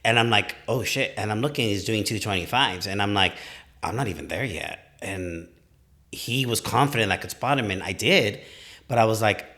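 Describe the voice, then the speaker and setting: Candid man in his late forties, bright-toned. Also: fairly low pitch, moderate pace. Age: late 40s. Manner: candid, self-deprecating storyteller. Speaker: podcast guest. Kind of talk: casual conversation.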